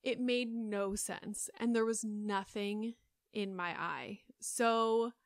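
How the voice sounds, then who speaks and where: A woman's voice: mid-range voice, steady tone, slow, dry recording. A woman in her thirties hosting a solo podcast, chatting in a rambling way with lots of fillers, close on the mic. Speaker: podcast host. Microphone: close studio mic.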